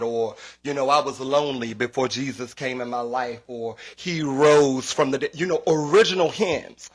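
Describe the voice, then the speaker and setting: Animated, foul-mouthed high-pitched man. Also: slightly rough. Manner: profane, animated, repeats himself. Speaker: comedian. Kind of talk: casual comedic rant.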